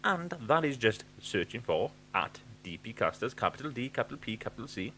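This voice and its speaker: Sweary podcaster, bright voice. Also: male voice, mid-range voice, sing-song, fairly quick, a little hiss or hum. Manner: rambling, sweary, full of fillers. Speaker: podcast co-host. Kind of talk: casual chat.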